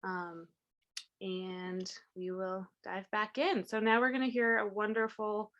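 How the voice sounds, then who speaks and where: A woman runs an online workshop, speaking casually with "um" and "like." Her delivery stays on an even, flat pitch as she moves the session along. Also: slow, muffled recording. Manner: casual, friendly, with fillers. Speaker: workshop facilitator.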